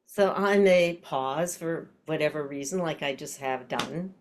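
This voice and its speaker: A woman's voice: low voice, unhurried, hardly any pauses, a little hiss or hum. An older woman teaching an online voice class, explaining breath and posture and demonstrating with tongue-twisters and nonsense syllables.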